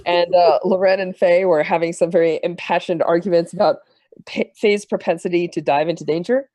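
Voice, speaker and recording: A man serving as game master, recapping the last tabletop session in a halting, filler-heavy way. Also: high voice, fairly even intonation, warm tone, no room sound.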